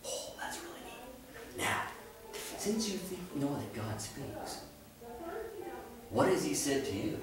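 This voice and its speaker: A woman's voice: sits low, big pitch swings, takes it slowly, long pauses, crowd noise. Playful woman quizzing children, echoey. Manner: playful, teasing, exclaiming. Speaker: interviewer asking children questions. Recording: echoey room from far off, music behind. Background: music.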